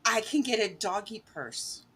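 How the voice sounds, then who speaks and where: A woman guest in a casual chat, talking in an emotional, excited way. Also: medium pitch, unhurried.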